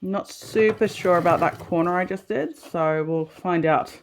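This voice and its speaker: A woman's voice: fairly low pitch, measured pace, a little hiss or hum. A woman with an Australian accent, chatting casually through a sew-along video, talking to herself and laughing at her own mistakes as she works. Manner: chatty, self-deprecating, talks to herself while working. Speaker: sewing vlogger.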